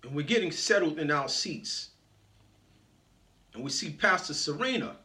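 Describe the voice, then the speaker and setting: A man's voice: a little high, animated, a little slow, sharp tone. A man giving a motivational speech as a story, playfully greeting audience members by name. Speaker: motivational speaker.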